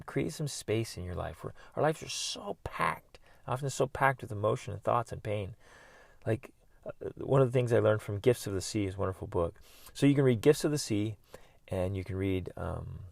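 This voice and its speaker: A dry recording captures a middle-aged man with a lowish voice and vocal fry. As a podcast host and life coach speaking alone, he earnestly encourages working through pain, punctuated by bursts of loud yelling.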